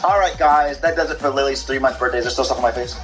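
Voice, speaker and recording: A man's voice: mid-range voice, quick pace, a bit bright, soft background music, low-quality recording. A young man and father chatting in a casual family vlog, joking and teasing. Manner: playful and joking, teases the baby in silly voices.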